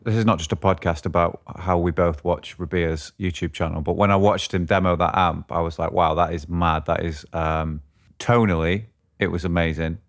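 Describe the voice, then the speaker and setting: A man's voice: deep voice, fairly even intonation, normal speed. A man co-hosting a podcast, chatting casually about guitar gear and often thinking aloud as he searches for words. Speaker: podcast co-host.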